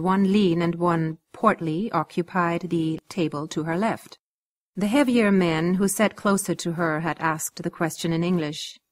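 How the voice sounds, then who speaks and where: Woman reading a story, low voice. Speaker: audiobook reader. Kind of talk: scripted narration.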